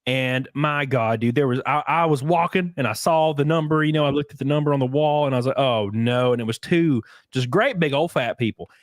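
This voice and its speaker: A young man hosting a casual podcast chat, excitable and crude, swearing freely. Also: a little high, fairly quick, few pauses, dry recording, clean studio sound. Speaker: podcast host.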